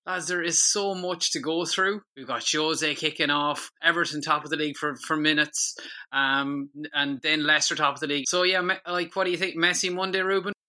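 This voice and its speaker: A man hosting a casual football podcast, chatty and quick to laugh. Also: a little high, steady tone, bright, forceful tone. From Ireland. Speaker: podcast host.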